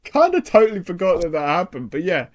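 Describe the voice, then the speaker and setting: A man's voice: high voice, very animated, quick pace. A man co-hosting a podcast on a call, easygoing and laughing along, with casual swearing. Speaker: podcast co-host. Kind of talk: casual chat. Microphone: remote call mic.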